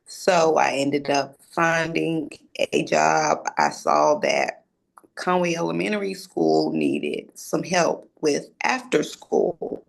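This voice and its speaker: A woman's voice: sits low, slow, vocal fry. A young adult woman telling a personal story in a casual way, acting out the conversations she had. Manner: acts out conversations, casual and animated. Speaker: storyteller, recent graduate.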